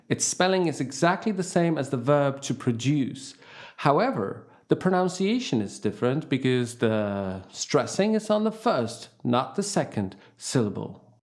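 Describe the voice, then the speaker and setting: Man, English teacher, scripted lesson, fairly high voice, very slow delivery. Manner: slow, deliberate, lively intonation.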